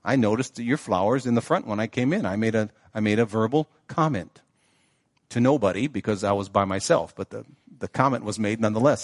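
In a church sanctuary, a male pastor preaches a sermon conversationally, often checking in with the congregation. His voice is fairly low and fairly quick, captured in a dry, clean studio-style recording.

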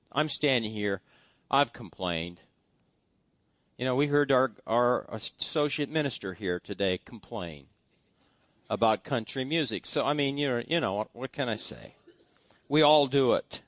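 A man's voice: mid-range voice, fairly bright tone, no echo, studio quality. A man preaching a sermon in a church, talking in a conversational way and asking the congregation questions. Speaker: pastor.

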